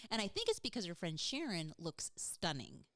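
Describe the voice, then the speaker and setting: Lively low-voiced woman podcaster. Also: moderate pace, dry recording, studio quality. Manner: animated, laughing storyteller. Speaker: podcast co-host. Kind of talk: casual chat.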